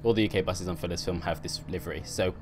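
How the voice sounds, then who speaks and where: A man's voice: low voice, steady tone, quick pace, noisy background. A young man chatting on a live stream while playing a game, reading and answering his chat and laughing often.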